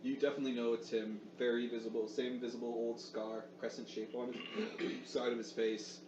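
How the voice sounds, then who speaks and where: A man's voice: mid-range voice, level tone, fairly quick. A man running a tabletop game as game master, narrating with many hesitations and fillers. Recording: echoey room, far mic, dull sound, noise.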